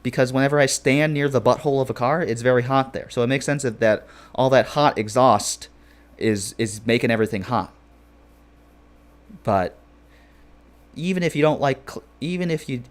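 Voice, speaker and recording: At medium pitch and normal speed, a man chats casually with his viewers during a game stream. He rambles in a jokey, playful way, using lots of filler phrases.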